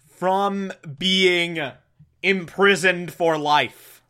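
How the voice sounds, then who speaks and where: A man with a bright, fairly high voice giving a casual spoken review of an episode. He talks at an unhurried pace, enthusing and rambling as he goes. He often cuts himself off mid-thought. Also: animated. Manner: enthusiastic, rambling, self-interrupting. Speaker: show reviewer.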